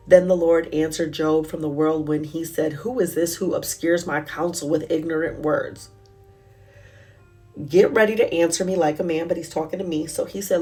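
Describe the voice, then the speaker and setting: A woman's voice: fairly low pitch, darkish tone. A woman giving a candid, emotional spoken devotional, telling her own story in a casual, conversational way. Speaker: Christian speaker.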